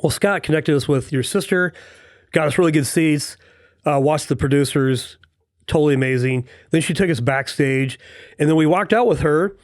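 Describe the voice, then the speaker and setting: A man's voice: on the high side, normal speed, dry recording. Chatty middle-aged male host, dry sound. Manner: chatty, frequent short reactions. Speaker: podcast host. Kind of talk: casual interview chat.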